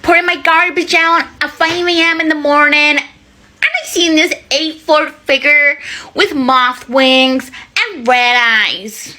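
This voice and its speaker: A woman's voice: high-pitched, steady tone, takes it slowly, pushed and bright, pitched above the performer's own voice, heavily acted. A woman recounting as a spooked witness.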